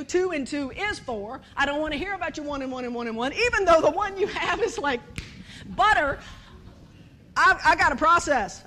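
A woman giving a humorous sermon, animated and storytelling, acting out bits of dialogue and laughing often. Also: very high-pitched. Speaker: speaker at a church service.

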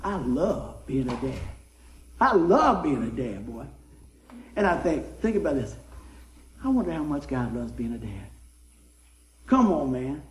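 A middle-aged man preaching a folksy sermon, swinging from soft asides to excited shouts. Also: mid-range voice, measured pace, pauses often, echoey room, poor audio. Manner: folksy, animated, rises to excited shouts then drops soft. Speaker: pastor. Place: church sanctuary.

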